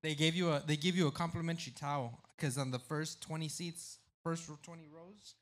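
High-voiced guy on a podcast, real bright and lively, yells and swears a lot, acts out the crowd voices, some noise behind. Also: fairly quick. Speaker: podcast guest. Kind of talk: casual storytelling chat.

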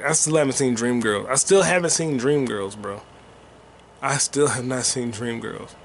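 A man's voice: medium pitch, moderate pace, creaky, slight background noise. A man hosting a rambling solo podcast while gaming, talking loosely and profanely with sing-song asides. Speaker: podcast host.

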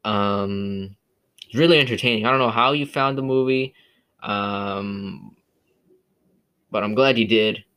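A man's voice: on the low side, a little slow, pauses often, fairly bright tone, smooth. A man hosting a casual solo movie review podcast, rambling with many fillers and restarts, from California. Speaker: podcast host.

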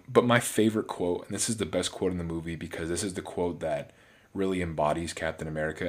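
Male film reviewer, very low voice, casual and rambling. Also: fairly bright tone. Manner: rambling, frequent restarts and fillers. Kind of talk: casual solo movie review.

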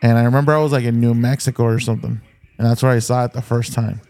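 A middle-aged man swapping stories on a podcast. He talks loosely and swears freely. His delivery turns animated when he gets into a story. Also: medium pitch, fast talker. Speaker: podcast co-host. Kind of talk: casual chat.

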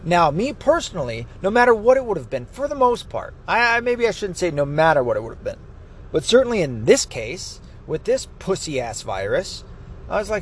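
A man with a high, swooping voice delivers an angry political rant, cursing freely. His delivery lurches up and down in pitch as he vents, and faint noise sits behind him. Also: big pitch swings, moderate pace. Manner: angry, profane, ranting. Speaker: political commentator.

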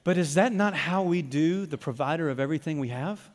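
Animated male preacher in a reverberant hall. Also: fairly high pitch, a little fast. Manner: animated storytelling, calls for congregation responses. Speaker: pastor. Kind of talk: sermon.

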